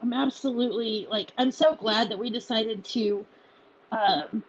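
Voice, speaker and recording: A woman who leads a volunteer group, speaking in a halting, emotional personal message with many restarts, close to tears. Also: fairly high pitch, lo-fi sound.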